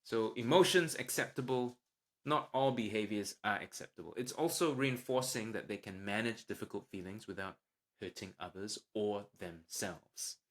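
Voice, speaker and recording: A man with a somewhat low voice talks through parenting advice on his own podcast. His delivery is calm and explanatory. When he gives examples of what a parent might say, he turns livelier. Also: normal speed. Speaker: podcast host, parenting doctor.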